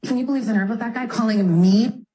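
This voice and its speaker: An actress playing a woman in a film scene, distant and soft-spoken as she apologizes. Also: a little high, fast talker, natural voice. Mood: indignant.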